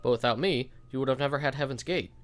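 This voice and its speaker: A man's voice: mid-range voice, quick pace, a bit bright, close to an everyday voice. A man reading the lines of a manipulative teenage boy who makes and deals a drug, in a slightly raised voice. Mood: soothing. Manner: soothing then bitter, controlling. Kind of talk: reading game dialogue aloud.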